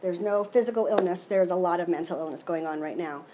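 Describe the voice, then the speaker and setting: A middle-aged woman giving a personal recovery share, emotional and expressive, with many restarts. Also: on the low side, quick pace, slight background noise. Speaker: recovery meeting speaker.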